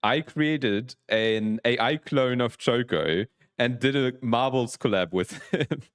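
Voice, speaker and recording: A young man streaming live, chatting casually, excitable and laughing often as he reacts to chat. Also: medium pitch, slow. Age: young adult.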